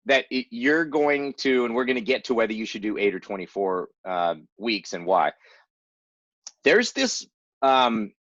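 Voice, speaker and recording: A man's voice: medium pitch, fairly bright tone, no echo. Man explaining in a dull lo-fi webinar. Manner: emphatic, rereads and stresses key phrases. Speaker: tax and loan advisor presenting a webinar. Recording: dull lo-fi webinar audio, dry.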